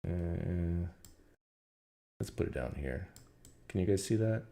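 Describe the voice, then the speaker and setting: A man hosting a live stream, giving reaction commentary in a deliberate way and slowing down to stress his points. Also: low voice, lively intonation, warm tone. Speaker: host.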